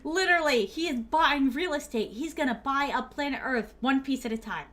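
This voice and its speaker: A woman's voice: high voice, normal speed, fairly bright tone. A woman streaming a game, chatting casually and rambling animatedly through a made-up story while laughing often.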